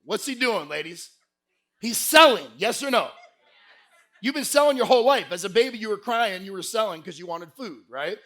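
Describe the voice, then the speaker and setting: A man giving a lively motivational sales keynote to a live conference crowd, telling stories and pushing the audience to shout answers back. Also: high voice, moderate pace. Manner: energetic, crowd call-and-response; folksy, peppered with "right?". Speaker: sales speaker.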